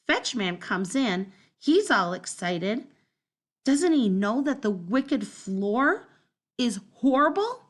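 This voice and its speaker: A woman reading a children's storybook aloud in the first person, telling it in an expressive, dramatic way. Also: mid-range voice. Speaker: storybook narrator.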